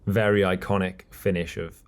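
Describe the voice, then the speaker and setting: A man co-hosting a cycling podcast, talking in an animated, teasing way about the race. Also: deep voice, moderate pace. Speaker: podcast co-host, race commentator. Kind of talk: casual podcast chat.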